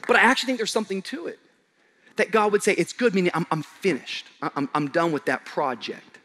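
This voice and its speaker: A man preaching a sermon to a live congregation, casual and slangy, swinging from shouted emphasis to quiet low asides. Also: big pitch swings, fast. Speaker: pastor.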